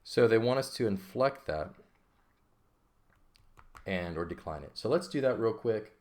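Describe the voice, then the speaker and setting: A man's voice: fairly low pitch, expressive, measured pace, darkish tone. A man teaching a recorded Greek grammar lesson, explaining patiently and checking in with frequent "okay?" as he writes.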